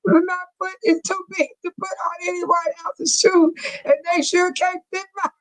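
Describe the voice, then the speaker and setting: A woman's voice: extremely high pitch, little pitch movement, measured pace, faint music behind, low-quality recording. A middle-aged woman hosting a casual live stream, chatting with her viewers and laughing often as she reads their comments.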